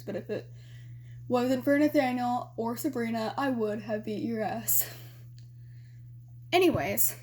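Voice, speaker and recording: A young female vlogger from Arizona tells her camera a personal story, rambling and frank, swearing freely and filling gaps with "you know." Her voice is on the high side with a darkish tone.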